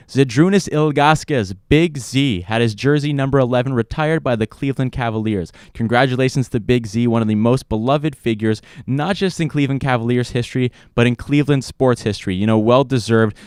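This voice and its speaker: A young man hosts a studio sports show, his voice smooth and resonant and the sound close and dry. He talks with eager, emphatic enthusiasm. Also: mid-range voice, dry recording.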